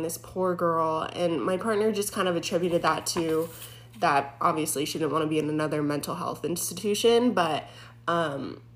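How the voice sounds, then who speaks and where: A young woman, a former EMT, casually telling a true scary story in an animated way, full of "like" fillers. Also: fairly low pitch. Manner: animated, heavy use of "like" fillers.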